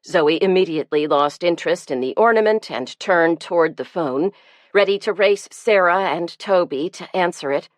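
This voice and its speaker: A woman with a lowish voice reads a cozy novel in a measured, gentle way. The recording is dry and close, as from a studio booth. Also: no echo. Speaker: audiobook narrator. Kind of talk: scripted narration.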